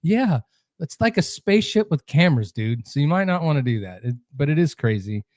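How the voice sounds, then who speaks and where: A man co-hosting a podcast, chatting in a relaxed, wry, conversational way. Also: fairly high pitch, a little fast, dry recording, clean studio sound. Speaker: podcast co-host. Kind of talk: casual chat.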